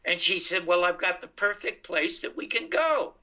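An older man, a comedian, telling his life story in a casual, animated way and acting out the dialogue. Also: high voice, normal speed. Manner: animated anecdotal, acts out dialogue. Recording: dull lo-fi sound.

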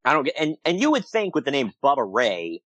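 A man's voice: mid-range voice, quick pace, dry recording, low-quality recording. A man co-hosting a casual podcast, recapping old wrestling shows, laughing often and acting out quotes. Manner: laughs often, animated retelling with quoted asides. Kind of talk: casual chat.

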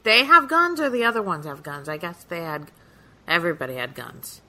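Woman, low voice, bright and lively, wry podcast banter. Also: a little fast. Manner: wry, teasing interjections. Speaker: podcast co-host. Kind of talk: casual chat.

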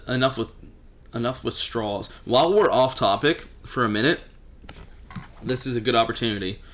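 A man's voice: lowish voice, fairly bright tone, a little hiss or hum. A man co-hosting a podcast, chatting casually and teasing his co-host. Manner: joking, teasing, runs the segment. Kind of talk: casual chat.

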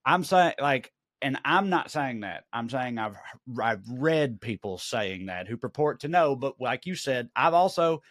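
A man's voice: medium pitch, expressive, measured pace, hardly any pauses, fairly bright tone, no echo, clean studio sound. Rambling, profane Southern man in casual chat. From American South. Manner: rambling, profane, many restarts. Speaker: podcast co-host.

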